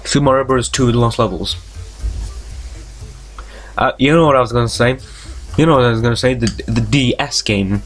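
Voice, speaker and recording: A man's voice: medium pitch, a little fast, pauses often, soft background music. A man hosting a let's play, reading a visual novel aloud and breaking off into jokes, tangents and frequent swearing. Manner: reads story text aloud, stumbling over words.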